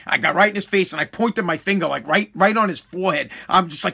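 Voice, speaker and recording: Dad podcaster ranting, lots of swearing and stumbling restarts, high bright voice. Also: male voice, fast talker, creaky, few pauses, slightly rough. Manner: profane, heated, repeats and restarts often. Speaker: podcast host and father. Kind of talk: casual storytelling monologue.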